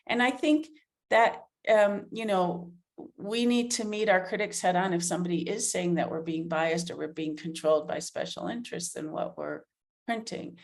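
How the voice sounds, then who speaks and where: Woman, middle-aged, journalist guest, lowish pitch, earnest, thinks aloud with restarts. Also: normal speed, gravelly. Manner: earnest, thoughtful, many fillers and restarts. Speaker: author and investigative journalist, guest. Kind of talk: interview answers.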